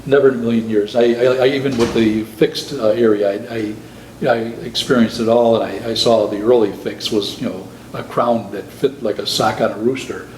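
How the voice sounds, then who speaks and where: A man's voice: mid-range voice, steady tone, a little mellow. Older guy explaining his work, keeps restarting, roomy echo and a bit of hiss. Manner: thoughtful, halting, with many restarts. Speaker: guest prosthodontist. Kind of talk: conversational interview.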